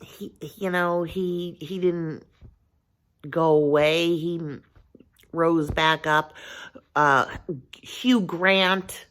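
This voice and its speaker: A woman's voice: lowish voice, fairly even intonation, extremely slow, pauses often, fairly bright tone, smooth. A woman vlogger talking casually to her viewers, earnest and rambling, thinking aloud with frequent restarts and filler phrases. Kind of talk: casual talk to camera.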